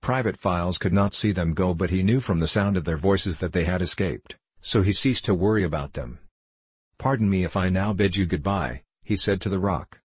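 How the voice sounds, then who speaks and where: A man narrating a fairy tale audiobook in an even, measured way. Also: sits low, husky, no echo.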